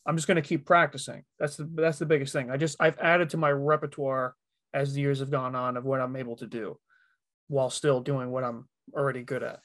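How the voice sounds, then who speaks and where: A man's voice: mid-range voice, brisk, dry recording. A man who works as a voice actor talking casually on a podcast, rambling a little with lots of fillers. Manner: relaxed, rambling, many fillers. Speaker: voice actor guest.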